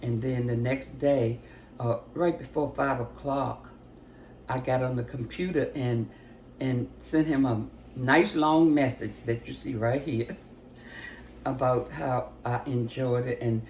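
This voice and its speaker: An older woman giving a casual spoken testimony, retelling a phone call with lively acted-out voices and big jumps in pitch. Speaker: storyteller giving a personal testimony. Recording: roomy echo with faint background noise.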